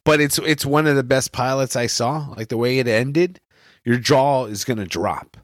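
A man's voice: medium pitch, normal speed, no echo, studio quality. A young man co-hosting a podcast, chatting in an enthusiastic, slangy and profane way. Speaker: podcast co-host. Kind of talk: casual chat.

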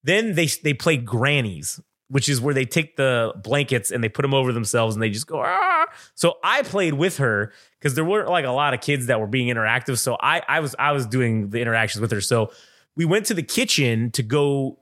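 A man's voice: mid-range voice, expressive, brisk, a bit bright. A man hosting a podcast, telling a story in casual chat, swearing freely and acting out what other people said. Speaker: podcast host.

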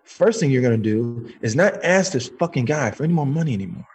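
A man voicing God as a calm, knowing male spirit who chides and swears, speaking slowly and higher than his own voice. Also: breathy edge, faint music behind. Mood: stern. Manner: slow, teasing, profane.

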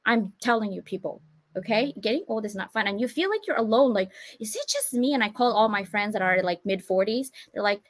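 A woman in her forties hosting a live online talk show, chatting in an animated, playful way and laughing often. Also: fairly high pitch, no room sound. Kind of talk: casual live-stream chat.

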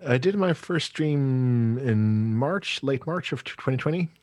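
A man from Sweden, a music streamer, chatting as a guest in a relaxed way and laughing easily. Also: medium pitch, slow, no room sound. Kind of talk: casual interview chat.

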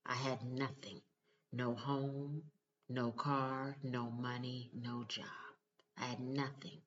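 A woman's voice: rumbling low, flat delivery, takes it slowly, lo-fi sound, a little hiss or hum. A mother talking straight to her viewers in a casual vlog, earnest, emphatic and direct. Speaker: mother giving relationship advice.

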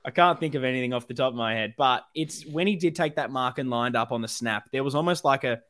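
A man's voice: mid-range voice, fast, a bit bright, dry recording, clean studio sound. A man with an Australian accent co-hosting a casual fan podcast, rallying supporters and plugging the show with enthusiasm. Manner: enthusiastic, rallying, plugs socials. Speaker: podcast co-host.

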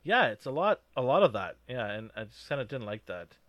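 A man co-hosting a casual movie review chat, rambling with lots of fillers and animated reactions. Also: medium pitch, fairly quick, no echo.

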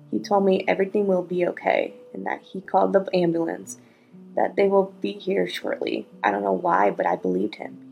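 Heavily gravelly woman reading a story. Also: mid-range voice, low-quality recording. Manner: breaks off to react in hushed asides. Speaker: podcast host. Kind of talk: reading listener stories aloud.

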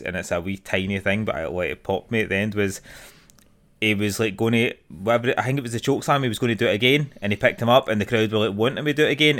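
A man's voice: on the low side, a bit bright. A man chatting casually on a podcast, rambling and swearing with lots of fillers. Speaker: podcast co-host. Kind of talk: casual chat.

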